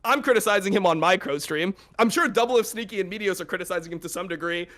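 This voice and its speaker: A man's voice: sits high, fast, sharp tone. A young man hosting a podcast, talking casually with blunt, profane, exasperated rants. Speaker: podcast host.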